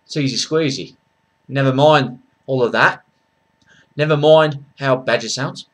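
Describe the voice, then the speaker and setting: A man's voice: medium pitch, a little slow, natural voice. A man voicing a brash Cockney street hustler with a Cockney accent.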